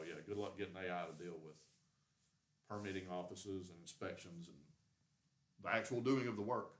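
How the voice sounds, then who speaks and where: A man with a fairly low-pitched voice, talking casually as a building contractor. He rambles and restarts his sentences often. The sound comes from a roomy, echoey room. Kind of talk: casual livestream chat.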